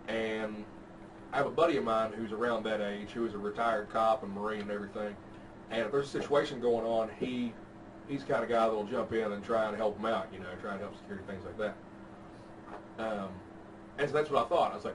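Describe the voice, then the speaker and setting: A man's voice: mid-range voice, brisk. A man telling a story in casual chat, laid-back and profane. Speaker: podcast host telling a story. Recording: distant mic with background noise.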